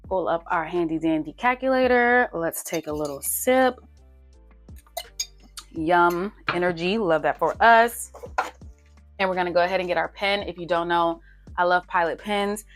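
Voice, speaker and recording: A young woman with a low voice chats through her budget, playful and teasing herself as she reads out figures. Her tone stays casual, like talking to friends from her desk. Faint music plays softly underneath. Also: animated, unhurried, long pauses. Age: young adult. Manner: chatty, playful, self-teasing, counts numbers aloud. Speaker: budgeting vlogger. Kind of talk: casual chat while budgeting on paper.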